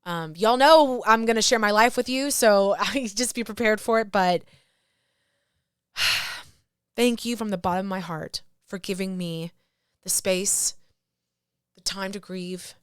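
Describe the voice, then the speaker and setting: A woman's voice: mid-range voice, a little slow, pauses often, clean tone, dry recording, clean studio sound. A woman hosting her podcast, talking through grief in an emotional, heartfelt way, sighing and restarting her sentences. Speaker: podcast host. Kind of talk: personal reflective monologue.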